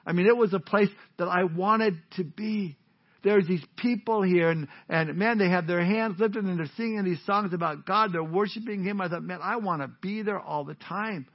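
A pastor preaching a sermon in a casual, joking, conversational way, on a dull lo-fi recording. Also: male voice, sits high, moderate pace. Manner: conversational, joking, warm-hearted.

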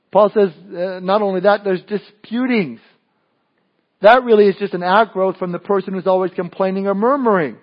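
A man's voice: sits high, lo-fi sound. A male pastor preaching a sermon in a conversational way, often restarting and adding asides.

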